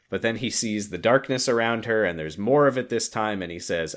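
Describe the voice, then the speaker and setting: A young man co-hosting a casual chat, retelling a game's story with lively jumps into voices and frequent laughs. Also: lowish voice, a little fast, hardly any pauses. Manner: animated, jumps into voices for quoted lines, laughs often. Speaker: podcast co-host recapping a game story.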